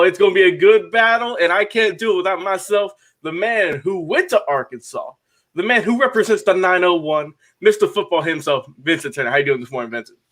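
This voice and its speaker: A man's voice: sits high, fairly bright tone. A young man co-hosting sports talk radio as producer, with an upbeat, hype-man delivery.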